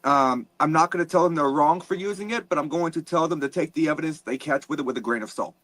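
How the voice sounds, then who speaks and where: Man, podcast guest, high pitch, earnest explainer, dry close recording. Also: fairly bright tone, no room sound, poor audio. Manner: earnest and explanatory, measured opinions. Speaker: guest paranormal investigator. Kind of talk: casual chat.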